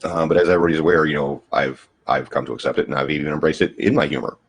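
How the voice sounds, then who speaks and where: A man with a very deep, husky voice speaks in a relaxed call chat. He has a slight stutter and often restarts his sentences. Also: rapid-fire. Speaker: guest. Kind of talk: casual livestream chat.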